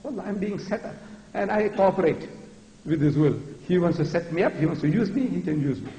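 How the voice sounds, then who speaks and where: A man in his seventies giving an emphatic, repetitive public lecture. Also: a little high. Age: 70s. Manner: emphatic, repetitive, animated preaching. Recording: echoey hall recording.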